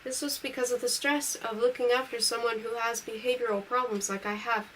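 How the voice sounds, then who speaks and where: A woman reading a novel aloud in a brisk, matter-of-fact first-person voice. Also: on the high side, steady tone, fairly bright tone. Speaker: reader. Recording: distant mic with faint hiss.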